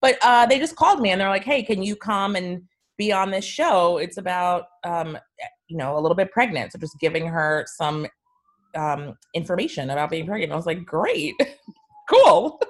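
A woman's voice: on the low side, animated, normal speed. A woman, chatting as a podcast guest, telling blunt stories and acting out what people said. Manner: blunt, storytelling with quoted voices. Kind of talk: casual chat.

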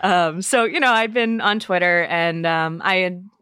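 Speaking a little slowly in a low, slightly bright voice with a clear, resonant tone, a Massachusetts woman in her young adult years recounts her story. She's a wine buyer being interviewed casually, chatting away with plenty of "um" and "you know," in a dry, studio-quality recording.

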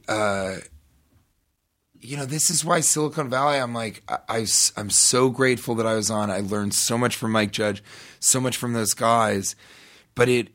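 A man's voice: on the low side, fairly bright tone. A man who is a guest on a talk show, telling a casual, rambling story with frequent restarts and asides.

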